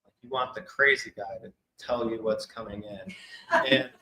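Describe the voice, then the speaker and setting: A man telling an animated personal story to a live audience, acting out the voices of people he quotes. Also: mid-range voice, moderate pace, roomy sound, low-quality recording. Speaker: psychic medium speaker. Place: expo hall.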